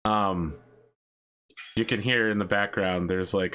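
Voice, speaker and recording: Deep-voiced man running a tabletop game. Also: little pitch movement, a little slow, a bit bright, slight background noise. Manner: playful, chatty, laughs often. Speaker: game master.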